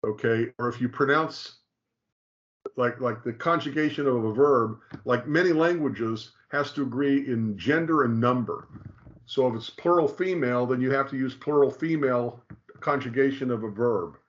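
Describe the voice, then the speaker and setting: A man's voice: mid-range voice, normal speed, muffled recording. A man teaching in a conversational way, emphatic and repetitive, often checking in with "okay?". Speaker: teacher explaining Hebrew.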